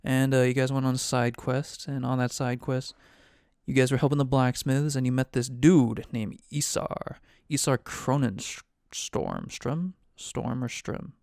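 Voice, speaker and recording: Male game master, gravelly yet resonant, dry close sound, loose rambling recap. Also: mid-range voice, steady tone, measured pace, darkish tone, dry recording. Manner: rambling, loose and profane, heavy on "like". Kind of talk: casual recap of a tabletop game.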